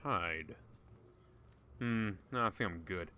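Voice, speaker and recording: A man's voice: deep voice, slow pace, bright, forceful tone, smooth. A man giving casual gameplay commentary, joking, swearing often and talking to game characters. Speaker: gaming YouTuber.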